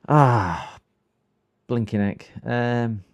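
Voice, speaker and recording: Gravelly man chatting on a live repair stream. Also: mid-range voice, extremely slow. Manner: chatty, mutters to himself, answers chat, exasperated outbursts. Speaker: livestreaming repair technician. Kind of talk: casual live-stream chat while working.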